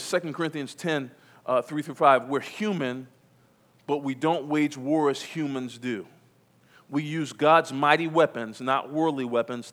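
A man's voice: medium pitch, fairly bright tone. A pastor preaching a sermon to his congregation, with emphatic repetition and questions to the room. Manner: emphatic preaching, repeats key phrases, calls to the congregation. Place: church.

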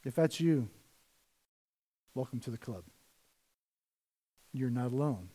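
A man preaching a conversational sermon as pastor, swinging between loud emphasis and quiet asides. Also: medium pitch, lively intonation, slow. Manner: conversational preaching, rises and drops in volume.

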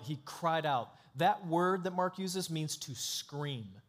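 A male pastor preaching a sermon in an emphatic, dramatic way, swinging between hushed and loud. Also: a little high, lively intonation, takes it slowly.

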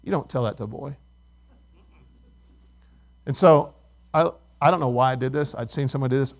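A man's voice: mid-range voice, moderate pace. A middle-aged man preaching as a pastor, talking with his congregation, asking questions and telling stories. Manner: conversational, asks the congregation questions, tells stories. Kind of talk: sermon.

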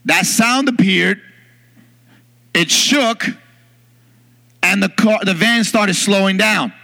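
A man preaching a sermon in church, telling a story with lively acted-out moments. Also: sits high, takes it slowly, creaky. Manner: animated storyteller, bursts into loud yelling in acted scenes. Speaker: pastor.

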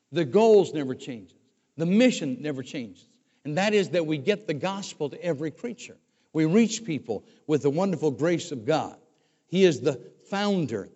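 Preaching in a church sanctuary, this former pastor, an older man, has a warm, fairly high-pitched voice. His delivery is conversational, with many restarts. Long hall reverb fills the dull recording.

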